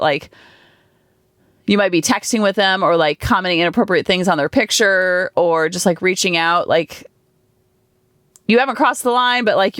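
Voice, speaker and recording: A woman's voice: lowish voice, no echo. Chatty woman podcast host, dry close mic. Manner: chatty, animated storytelling with many fillers. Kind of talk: casual podcast monologue. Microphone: studio podcast microphone.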